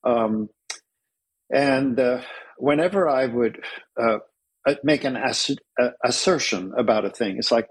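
A man with a husky, slightly breathy voice talks in an earnest, measured way. He often slows down to press a point home, with plenty of pauses and fillers along the way. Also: mid-range voice, poor audio. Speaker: interview guest, Orthodox clergy author. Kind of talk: thoughtful conversational interview.

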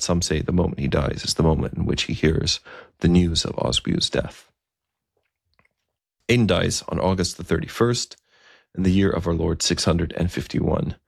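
A man telling a historical story in a relaxed, conversational way, with asides and fillers. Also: sits low, creaky, no room sound, clean studio sound.

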